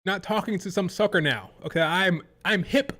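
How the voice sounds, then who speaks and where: A man hosting a live reaction stream, his voice sitting a touch high. He rants hotly and swears freely, sounding fed up as he answers his chat. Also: moderate pace, sharp tone. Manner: heated, profane, exasperated ranting. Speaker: livestream host.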